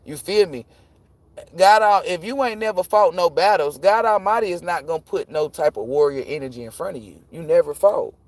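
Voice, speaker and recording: A man reading tarot on a live stream, ranting casually and profanely, rambling and cutting himself off, jumping between loud bursts and low muttering. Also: a little fast, dry recording. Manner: profane, rambling, self-interrupting; animated, jumps between shouting and muttering.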